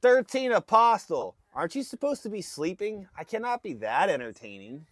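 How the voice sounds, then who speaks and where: A man on a livestream, telling a story in a lively voice that swings up and down in pitch. His voice sits a little high for a man, and the sound is close and dry. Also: moderate pace, no room sound. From Alaska. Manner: animated storyteller, acts out family voices. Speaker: livestream host. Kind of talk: casual storytelling to live chat. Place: fishing boat outdoors. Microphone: phone livestream.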